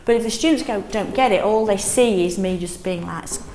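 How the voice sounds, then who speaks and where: A middle-aged woman leading a teaching workshop in a classroom, lively, often checking in with "yes?". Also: medium pitch, a little fast, roomy sound, slight background noise. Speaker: teaching trainer.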